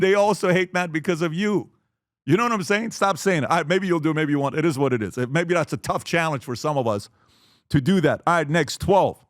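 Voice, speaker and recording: A man with a slightly raised voice delivers a punchy webinar talk on fatherhood. He is blunt and emphatic, slipping into quick acted-out family dialogues. The sound is dry and close. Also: on the high side, dry recording. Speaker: speaker teaching fathers.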